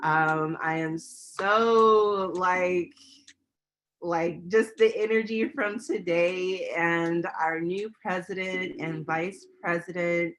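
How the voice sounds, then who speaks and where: A woman craft instructor greeting a big online class, excited and bubbly and laughing often, on a webcam mic. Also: lowish voice, slow, a little hiss or hum, low-quality recording.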